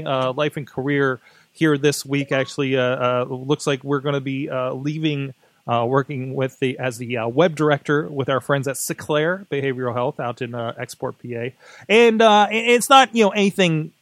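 Male podcast host, casual solo talk, somewhat high voice, dry close sound, rambling with fillers. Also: a bit bright, no echo. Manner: rambling, many fillers and restarts.

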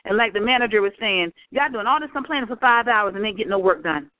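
A woman co-hosting a casual chat, telling animated workplace stories and acting out what people said. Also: mid-range voice, quick pace, no echo. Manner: animated storyteller, acts out quotes. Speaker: podcast co-host. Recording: tinny phone-line audio.

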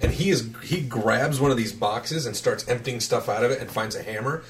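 A man runs a tabletop game as game master, narrating events in a casual, matter-of-fact way. His voice is average in pitch and sits far from the mic. A clear background noise runs under it. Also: brisk. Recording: distant noisy mic.

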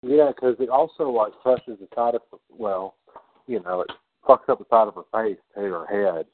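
A man's voice: fairly low pitch, normal speed. A man co-hosting a podcast who talks about a movie in casual chat, stammering at times and eager to share behind-the-scenes trivia. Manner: stammering, enthusiastic, trivia-minded. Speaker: podcast co-host. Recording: tinny phone-like, dry sound.

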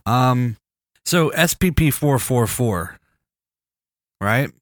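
This male podcast host sounds stuffed up from a cold and talks extremely slowly, with a medium pitch and an expressive delivery. He rambles, cracks jokes, and directs the casual chat, ordering his co-host around. It's studio-quality audio with no room sound.

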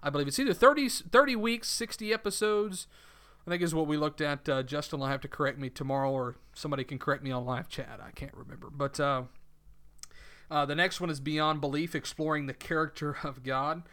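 A man's voice: a little high, brisk, bright, forceful tone. A man with a Southern US accent hosting a faith talk show, speaking casually with many hesitations and restarts. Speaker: radio show host.

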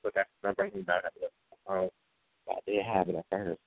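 A man's voice: sits low, steady tone, normal speed, vocal fry, dry recording. A man on a community call telling a long rambling story in casual, profane slang, repeating himself as he goes. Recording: tinny phone-like line, dry.

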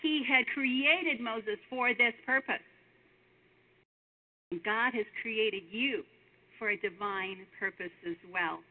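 A woman's voice: fairly high pitch, slow, long pauses. A woman giving a devotional sermon, earnest and emphatic, speaking straight to the listener with questions. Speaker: preacher. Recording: tinny phone-like sound.

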